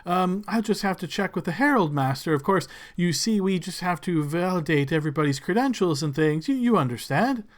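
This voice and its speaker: A jittery, fawning male servant who stumbles over his words and bows to every lord, as a man puts him on. His voice sits a little high and keeps tripping on apologies in a tabletop game scene. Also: animated, a little fast, hardly any pauses. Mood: flustered. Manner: stammering, overly polite, apologetic.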